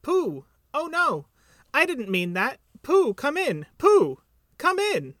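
A man voicing a tiny, timid, excitable young male piglet in a storybook reading, squeaky and eager. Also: takes it slowly, no room sound, studio quality, exaggerated voice. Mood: excited.

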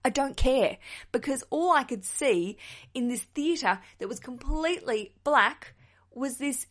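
A woman's voice: high-pitched, animated, unhurried, a bit bright. A woman with an Australian accent, hosting a casual chat podcast as a stand-up comedian, chatty and joking as she answers listener questions.

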